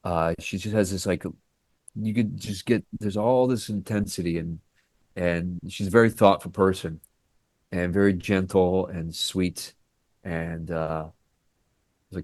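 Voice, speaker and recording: A man's voice: low voice, moderate pace, no room sound. A man, an actor, telling behind-the-scenes stories in a casual podcast interview and acting out the dialogue as he goes. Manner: animated storyteller who acts out quoted dialogue. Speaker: actor guest.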